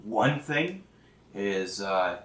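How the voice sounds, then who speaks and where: A man running a tabletop game as game master, talking haltingly with many fillers and restarts, and laughing often. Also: fairly low pitch, very animated, roomy sound, far from the mic. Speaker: dungeon master.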